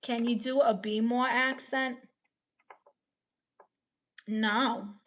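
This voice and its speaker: A woman's voice: a little high, steady tone, drawn-out words, fairly bright tone. A woman in a casual live stream, playfully reading viewer comments aloud and riffing on them.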